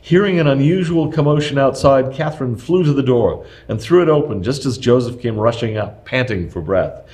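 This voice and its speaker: A man narrating a nonfiction history text aloud, reading at a measured, even pace. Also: medium pitch.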